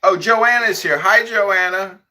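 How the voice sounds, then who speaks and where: A man hosting a podcast, roasting his guests with loud, mocking insults in crude comedic banter. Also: sits high, measured pace. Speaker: podcast host.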